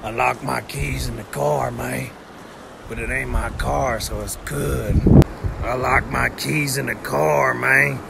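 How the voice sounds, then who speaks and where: A man vlogging on a road trip, crude and excitable, swearing constantly as he talks. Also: medium pitch, takes it slowly, gravelly. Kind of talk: profane outdoor travel vlog. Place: outdoors at nature spots on a road trip. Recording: loud outdoor noise, wind and vehicles.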